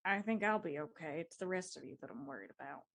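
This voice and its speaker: A woman's voice: fairly low pitch, lively intonation, quick pace, a bit bright. A woman playing a tabletop role-playing game, earnest and protective of the group. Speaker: player.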